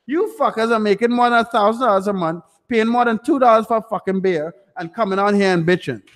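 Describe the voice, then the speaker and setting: A man's voice: high-pitched, fast, long reverb tail. A young man hosting a live stream Q&A, ranting bluntly and swearing constantly at his chat. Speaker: livestream host answering chat questions.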